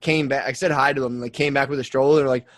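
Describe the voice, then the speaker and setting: A man co-hosting a comedy podcast, riffing quick, profane banter with his partner. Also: medium pitch, fairly even intonation, a bit bright. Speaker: podcast co-host. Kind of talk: casual comedic chat.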